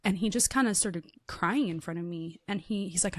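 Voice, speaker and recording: A woman hosting a faith podcast, telling personal stories with animated acted-out quotes in a casual chat. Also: mid-range voice, brisk, hardly any pauses. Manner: animated storytelling, acts out quotes in lively voices. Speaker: podcast host.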